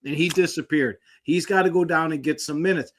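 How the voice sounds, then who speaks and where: A man co-hosting a sports talk show, blunt and quick, swearing as he makes his points. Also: a little high. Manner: blunt, swears, rapid-fire.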